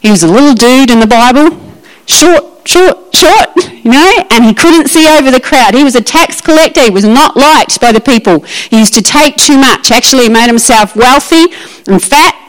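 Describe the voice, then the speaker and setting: A woman preaches with lively emphasis, her voice sitting fairly high. She acts out Bible scenes as she goes, pressing points home with repetition. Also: normal speed, rough recording. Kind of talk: sermon.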